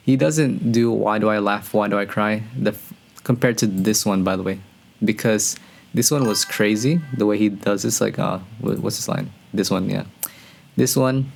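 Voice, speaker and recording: A man hosting a music reaction video, talking casually and excitedly to his viewers and often breaking into higher, louder exclamations. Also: gravelly. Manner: excitable, slangy, talks to viewers as "bro".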